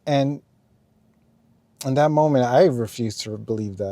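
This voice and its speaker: A young Christian testimony vlogger earnestly shares his personal faith story in casual speech, with frequent ums and you-knows. His mid-range voice has a dark tone and a measured pace with frequent pauses, and there is no echo.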